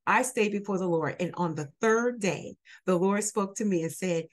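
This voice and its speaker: A woman who is a minister, telling her personal testimony in an animated way and acting out both sides of each exchange. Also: medium pitch, normal speed. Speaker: guest, minister. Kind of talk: storytelling testimony.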